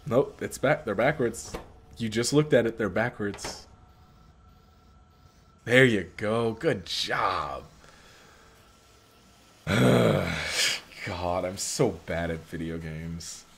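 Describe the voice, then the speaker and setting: A man's voice: on the low side, extremely slow, creaky, pauses often, slightly rough. A young man casually commentating his own gameplay, frustrated and muttering at himself about his mistakes. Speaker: gaming channel host. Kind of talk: casual let's play commentary.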